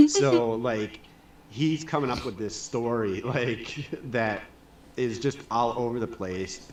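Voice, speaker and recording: A man as a guest on a casual live stream, talking in halting bursts with restarts and laughs. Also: mid-range voice, big pitch swings, a crowd in the background.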